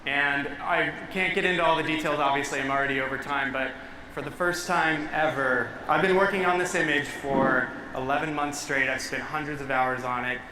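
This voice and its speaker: A man's voice: fairly high pitch, steady tone, moderate pace, background noise. A man giving an emotional, earnest talk on stage before an audience, telling a story through a stage microphone.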